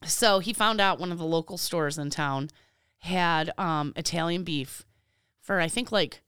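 A woman co-hosting a casual chat podcast, telling animated stories, swearing freely and laughing often. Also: on the low side, unhurried, clear, resonant tone, no echo, studio quality. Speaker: podcast co-host.

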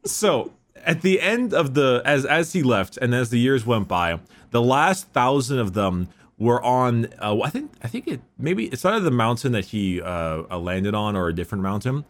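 A man's voice: medium pitch, sing-song, normal speed. A man casually telling a long story, rambling with fillers and restarts.

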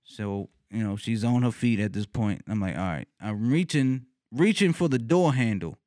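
A man casually telling a funny personal story, cursing freely, laughing often and leaping up in pitch when he retells his reactions. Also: normal speed, mellow, no echo, studio quality. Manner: laughs often mid-sentence.

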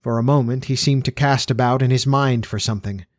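A man narrating an old-fashioned story in a steady, even storytelling manner. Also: mid-range voice, brisk, no room sound, clean studio sound. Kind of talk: audiobook narration.

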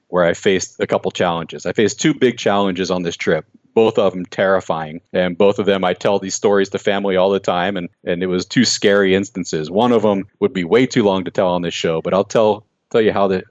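A man, a racing-world guest on a podcast, telling a personal story in an earnest, reflective way with halting restarts. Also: low voice, no echo, muffled recording.

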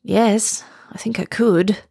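A woman voicing a patient, weary old male sea turtle in a storybook reading, explaining things in a measured way. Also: medium pitch, steady tone, creaky, warm tone, husky, no echo, studio quality, exaggerated voice.

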